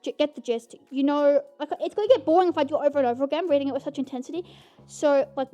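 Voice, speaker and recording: A woman's voice: high voice, rapid-fire, dark tone, dull audio, faint music behind. A young woman hosting her own podcast, giving a casual, rambling movie review and calling her listeners "guys". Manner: bubbly, rambling, keeps saying "guys". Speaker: podcast host.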